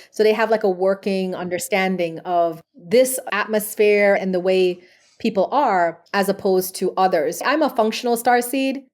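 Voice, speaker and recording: A woman speaks as a podcast guest, earnest and chatty, telling stories about her spiritual work. Her voice sits at an ordinary middle pitch, and her talk is loose, with casual fillers. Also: a little mellow. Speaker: guest, spiritual medium and past life regression therapist. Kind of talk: podcast interview.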